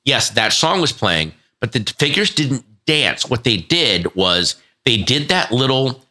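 A man in his fifties chatting casually as a podcast co-host, an animated storyteller who stumbles over restarts. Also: mid-range voice, unhurried. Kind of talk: casual chat.

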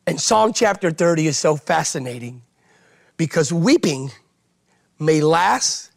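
High, gravelly-voiced preaching man. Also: very animated, measured pace. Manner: emphatic, repeats phrases for rhetorical effect. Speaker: pastor. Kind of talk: impassioned sermon-style preaching in conversation.

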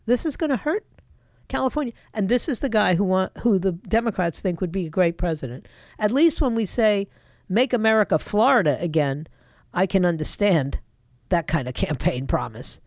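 A woman's voice: mid-range voice, animated, moderate pace, a little mellow, dry recording, clean studio sound. A middle-aged woman hosting a political talk radio show, opinionated and emphatic, talking straight to her listeners.

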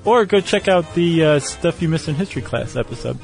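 A man's voice: a little high, animated, fairly quick, creaky, darkish tone, faint music behind. A man co-hosting a podcast in casual chat, laid-back with wry quips. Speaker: podcast co-host.

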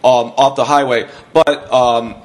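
A man's voice: mid-range voice, steady tone, slow. Man telling rambling, profane anecdotes. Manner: swears freely, rambling anecdotes with restarts; acts out quotes of other people. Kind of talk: casual podcast chat.

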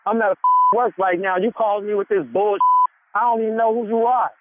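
Man on a loud tinny phone line. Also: high-pitched, fairly even intonation, brisk, heavy background noise. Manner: defensive, profane, repeats himself. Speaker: prank call target. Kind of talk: heated phone argument. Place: factory at work.

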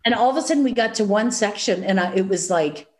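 A woman with a nasal Chicago accent, chatting as a guest and telling animated stories full of acted-out quotes. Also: medium pitch, fast. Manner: animated storyteller, acts out quotes, many fillers. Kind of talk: casual chat.

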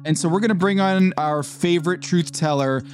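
A man's voice: high voice, normal speed. A man hosting a basketball podcast, chatting casually in a wry, mock-serious way. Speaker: podcast host. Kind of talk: casual chat.

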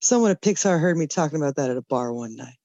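A woman caller rambling through a story, hesitating with "uh" and "like". Her voice is mellow and dark, and it sounds dry and close. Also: low-pitched, animated, fast, no room sound, muffled recording. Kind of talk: casual storytelling.

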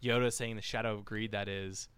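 A man's voice: lowish voice, level tone, brisk, a bit bright, clean tone. A man hosting a casual podcast discussion, talking in a rambling way with many fillers and restarts. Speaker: podcast host.

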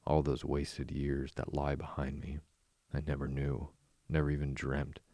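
A man's voice: rumbling low, flat delivery, measured pace, vocal fry, warm tone, dry recording, studio quality, full character voice. A man voicing a boastful, giddy male toad who murmurs in a dreamy, rapturous way.

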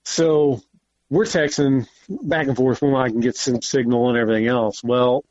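A man's voice: medium pitch, normal speed, dry recording, highs cut off. Man telling a hunting story. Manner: animated, swears often, acts out quotes. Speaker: podcast guest, hunter. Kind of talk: casual storytelling.

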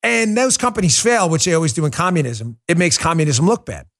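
A man's voice: a little high, very animated, fairly quick, fairly bright tone. A man hosting a political talk show, delivering a sarcastic, mocking monologue with big swings in tone. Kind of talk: opinionated monologue.

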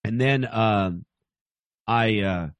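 A man's voice: on the low side, drawn-out words, no room sound. A man in his thirties telling a rambling, crude, self-mocking story in casual chat. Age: 30s.

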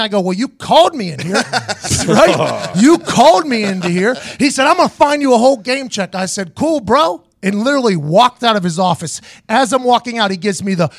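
Male host, raspy high-ish voice, brash locker-room storyteller who cusses and laughs, dry booth. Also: moderate pace, no room sound. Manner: animated, profane, laughs through his stories. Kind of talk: casual storytelling.

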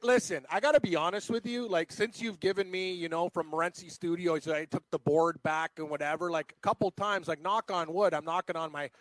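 A man with a notably high voice co-hosts a casual sports podcast. He jokes, laughs often and rambles loosely, and the sound is close and dry. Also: fairly even intonation, fairly quick, hardly any pauses, a bit bright, no echo. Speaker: co-host.

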